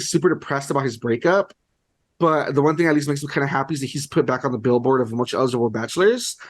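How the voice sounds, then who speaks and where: A young man co-hosting a podcast in casual chat, rambling, amused and full of "like". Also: fairly high pitch. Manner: rambling, heavy use of "like", amused. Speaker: podcast co-host.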